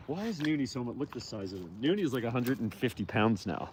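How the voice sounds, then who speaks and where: A man's voice: medium pitch, lively intonation, brisk, darkish tone, slight background noise. A man who cares for wolves at a sanctuary, chatting casually and affectionately while walking among them outdoors and answering viewer questions. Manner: affectionate, cooing at the animals. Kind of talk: casual live walk-and-talk. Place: outdoors in a wolf enclosure.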